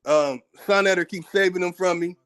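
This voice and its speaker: Combative high-voiced American man ranting. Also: normal speed, a bit bright, clear, resonant tone. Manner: combative, profane, repeats words when worked up. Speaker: channel host. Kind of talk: heated commentary rant.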